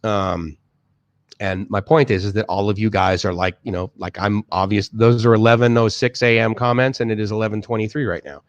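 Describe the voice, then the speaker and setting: A man with a Boston accent talks loosely on his live stream, reading viewers' comments aloud and circling back through fillers and restarts. His voice sits low, and the sound is dry with no room echo. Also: fairly even intonation, brisk, highs cut off. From Boston area, USA. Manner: rambling, many restarts and fillers. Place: home, in Bangkok.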